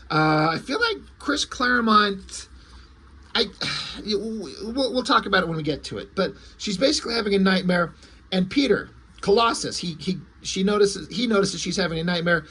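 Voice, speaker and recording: A man's voice: sits high, pushed and bright, breathy edge. A man casually reviewing an old comic book, rambling and correcting himself as he goes, with the odd swear word.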